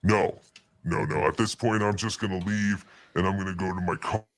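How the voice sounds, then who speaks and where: A man telling a story in a deadpan, halting way as an interview guest. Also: deep voice, dry recording. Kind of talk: casual storytelling.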